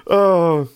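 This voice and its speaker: A man's voice: sits high, clean tone, no room sound, clean studio sound. A man co-hosting a podcast, chatting casually and telling stories with lots of laughter. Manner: animated, laughing storyteller. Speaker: podcast co-host. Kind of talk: casual chat.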